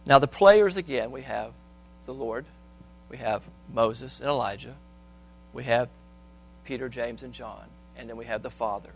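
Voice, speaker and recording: A man preaching a sermon, reading scripture aloud and asking the congregation questions, swinging between soft and loud. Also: medium pitch, normal speed, vocal fry, long pauses.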